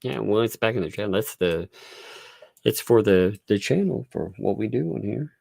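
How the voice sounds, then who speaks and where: A man's voice: fairly low pitch, expressive, moderate pace, creaky, darkish tone, no room sound, clean studio sound. A man hosting a casual livestream, chatting loosely and laughing often between phrases. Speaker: livestream host. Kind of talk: casual live commentary. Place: home.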